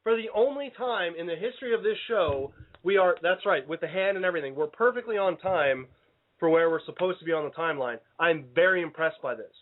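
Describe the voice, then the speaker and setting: Speaking a little fast with lively intonation and a voice on the high side, this man runs a casual radio show in a studio. He's playful and rambling, frequently interrupting himself mid-sentence, heard through tinny, phone-like audio.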